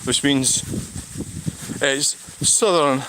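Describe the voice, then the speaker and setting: Scottish vlogger, slow rambling talk, bright voice, faint traffic around, walking outdoors. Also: medium pitch. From Scotland. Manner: rambling, sighing, restarts thoughts. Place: outdoors by a road.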